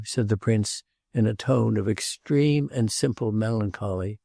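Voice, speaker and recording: Male audiobook reader, gravelly and mellow, close dry mic. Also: fairly low pitch, a little slow, hardly any pauses, no room sound. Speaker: audiobook narrator. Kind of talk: scripted narration.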